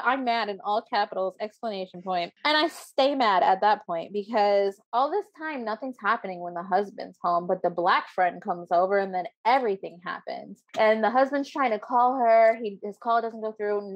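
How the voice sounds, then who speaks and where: A woman's voice: medium pitch, normal speed, few pauses, dry recording, muffled recording. A woman co-hosting a podcast, ranting about a film in a heated, profane, emphatic way. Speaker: podcast co-host. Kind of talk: casual ranting film review chat.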